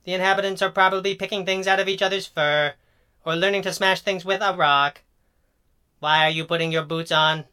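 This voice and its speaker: A man's voice: sits high, fairly even intonation, a little fast, sharp tone, clear, resonant tone, pitched above the performer's own voice. A man voicing a small, dry, sardonic robot who sticks to the rules. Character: small grumpy rule-bound male robot on wheels.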